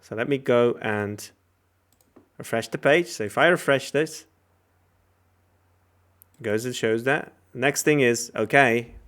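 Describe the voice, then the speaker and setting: A man's voice: medium pitch, slow pace, long pauses, fairly bright tone. A man lecturing while he writes code live, thinking aloud with frequent fillers and self-corrections.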